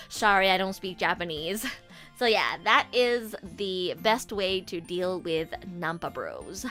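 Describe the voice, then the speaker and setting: A young woman hosting a podcast in a casual, chatty way, with frequent laughs and lots of "like" fillers. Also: medium pitch. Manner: chatty and animated, laughs often, many "like" fillers. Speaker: podcast host. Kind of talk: casual chat.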